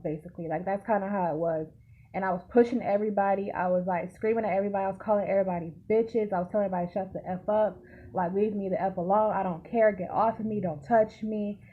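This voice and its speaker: Animated young woman telling a story. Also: mid-range voice, dull audio, slight background noise. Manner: animated, swearing, acts out quotes. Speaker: vlogger. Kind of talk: casual storytime.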